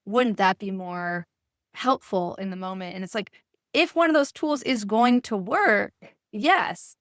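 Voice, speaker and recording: A woman's voice: mid-range voice, a little slow, no echo, studio quality. A woman hosting a podcast interview, thinking aloud in a rambling, self-correcting way. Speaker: podcast host.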